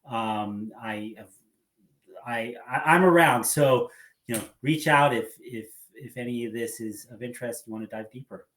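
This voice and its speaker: A man's voice: medium pitch, normal speed, a bit bright. Earnest man guest in a roomy room. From United States. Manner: earnest, hopeful, repeats words. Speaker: guest, epidemiologist. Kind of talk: casual interview chat. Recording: roomy echo.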